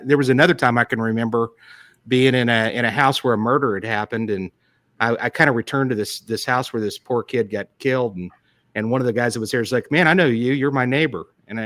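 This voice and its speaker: Male detective host, casual and halting, stops and restarts his sentences; dry, close recording. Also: medium pitch, a bit bright, dry recording. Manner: halting, frequent restarts while recounting. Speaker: podcast host, police detective. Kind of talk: casual interview conversation.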